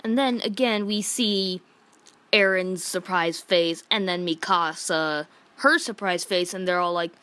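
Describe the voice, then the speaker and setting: A woman's voice: on the low side, a little slow, a bit bright, smooth. A woman giving a casual, exasperated review rant, retelling events in a rambling way full of "like". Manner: rambling retelling, heavy use of "like"; exasperated and indignant. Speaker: manga reviewer.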